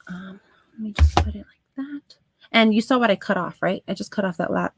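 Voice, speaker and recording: A woman hosting a live crafting stream, chatting to her viewers as she works, with soft asides under her breath. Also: mid-range voice, a little fast, gravelly, background noise. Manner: talks to chat viewers while working, soft asides. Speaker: craft livestream host.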